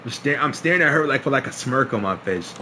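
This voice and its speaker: A young man casually telling a story to his stream, swearing, laughing often and acting out quotes loudly. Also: medium pitch, lively intonation, fast talker, a little hiss or hum.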